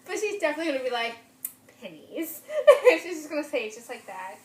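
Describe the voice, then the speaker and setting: A woman co-hosting a casual fan podcast, blunt and excitable, swearing casually. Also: high voice, racing. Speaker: podcast co-host. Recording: echoey room with faint hum.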